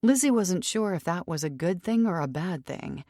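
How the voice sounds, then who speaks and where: Low-voiced woman narrating an audiobook. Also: lively intonation, moderate pace, dark tone, no room sound, clean studio sound. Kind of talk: scripted narration.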